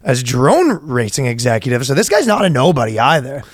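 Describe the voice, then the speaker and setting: A man co-hosting a comedy podcast, joking casually, laughing through his own bits and breaking into loud, high acted-out voices. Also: big pitch swings, a little fast, dry recording, clean studio sound. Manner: acts out characters in sudden loud high bursts.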